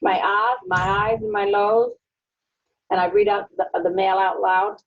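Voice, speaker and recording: An older woman with a hoarse, rough voice answering interview questions in short, plain replies that stutter at times. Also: medium pitch, flat delivery, a little slow, far from the mic, a little hiss or hum. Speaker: patient in a clinical video. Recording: dull lo-fi archive video.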